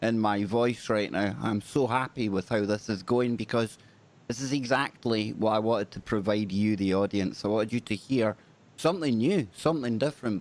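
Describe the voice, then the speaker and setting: A man's voice: mid-range voice, darkish tone. A man hosting a podcast in casual chat, joking and making puns, poking fun at his own speaking. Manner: jokey, self-deprecating, punning. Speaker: podcast host.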